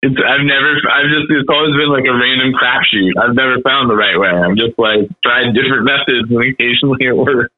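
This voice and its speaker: A man's voice: mid-range voice, fairly even intonation, fairly quick, hardly any pauses, no room sound. A man talks in an easygoing, rambling way, stringing thoughts together with "like" and the odd curse. His voice comes through a dry, tinny, phone-like line with no room sound. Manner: laid-back, rambling, heavy on "like" and "dude", swears casually. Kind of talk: casual chat.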